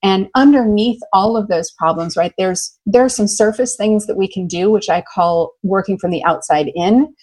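A middle-aged American woman, a love coach, telling stories in an animated, enthusiastic way during an interview. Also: medium pitch, normal speed, hardly any pauses, poor audio. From United States. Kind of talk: conversational interview.

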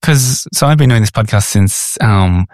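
A man's voice: on the low side, lively intonation, moderate pace, a little mellow, no echo. An Australian man hosting a podcast, asking his guest questions in a hesitant way, thinking aloud as he goes. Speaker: podcast host. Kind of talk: conversational interview.

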